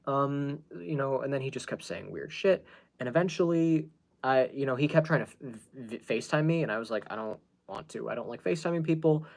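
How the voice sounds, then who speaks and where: A man's voice: mid-range voice, lively intonation, fairly quick, gravelly, a little mellow. Guy hosting a podcast, rambly casual storytelling, lots of ums and restarts. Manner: rambling, with many fillers and restarts. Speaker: podcast host.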